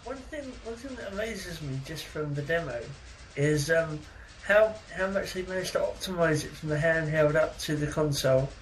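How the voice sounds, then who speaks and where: A man's voice: fairly high pitch, animated, normal speed, faint music behind, rough recording. A man joining a casual gaming podcast, speaking hesitantly with ums. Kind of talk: casual chat. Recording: faint background noise.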